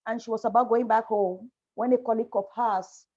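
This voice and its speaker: A woman's voice: fairly high pitch, steady tone, a little mellow. Emotional woman on a muffled call. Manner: emotional, halting, apologetic. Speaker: panel guest, musician. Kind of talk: personal testimony on a video panel. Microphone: video call. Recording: muffled lo-fi video call audio.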